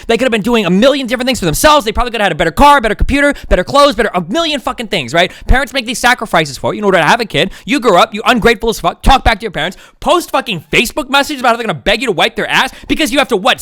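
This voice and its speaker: A man's voice: high voice, a bit bright, no room sound, studio quality. A man streaming live, ranting at length in a profane, indignant and sarcastic way. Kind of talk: heated livestream rant.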